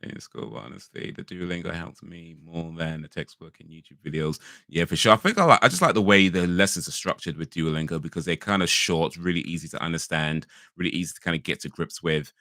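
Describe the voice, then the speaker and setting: Guy from england rambling on a live stream, really low voice but bright and punchy, dry close sound. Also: a little fast, few pauses, no echo. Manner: rambling, frequent restarts and fillers, laughs easily. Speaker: streamer chatting with viewers. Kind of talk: casual live-stream chat.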